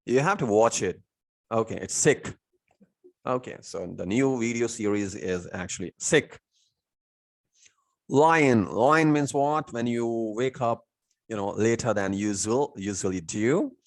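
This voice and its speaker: Male tutor, lowish voice, self-answering teaching questions. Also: animated, unhurried. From India. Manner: repeats "means what?" and answers himself, many "you know" fillers. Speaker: English teacher. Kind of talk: recorded lesson explaining vocabulary.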